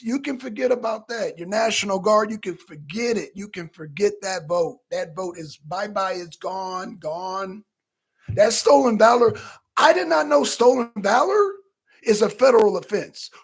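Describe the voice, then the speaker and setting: High bright husky guy hosting a livestream, swoops all over, keeps calling out chat folks. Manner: animated, repetitive, calls out chat viewers. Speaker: talk show host. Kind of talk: livestream political commentary, reading chat.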